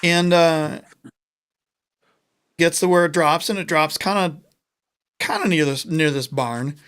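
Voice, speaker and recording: A man's voice: a little high, unhurried, clean tone. A man co-hosting a podcast, telling a long joke in casual chat and acting out the characters' lines. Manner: animated storyteller, acts out characters' lines. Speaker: podcast co-host.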